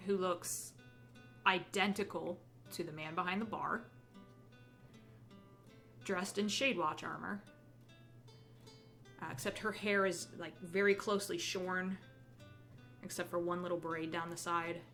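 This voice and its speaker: A woman narrating a tabletop game as game master, relaxed with many hesitant fillers. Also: lowish voice, measured pace, creaky, pauses often, soft background music.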